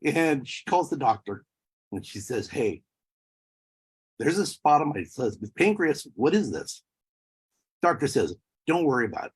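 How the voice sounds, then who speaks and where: A man's voice: mid-range voice, very animated, normal speed, long pauses, breathy edge. A man in his thirties or forties giving an emotional personal testimony, his voice breaking at times. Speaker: speaker sharing a personal story.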